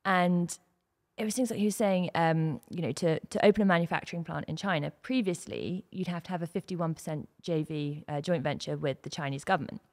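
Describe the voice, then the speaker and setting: Chatty woman, slightly low voice. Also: a little mellow. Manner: chatty, quick to laugh at herself. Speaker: co-host. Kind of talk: casual chat. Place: kitchen table.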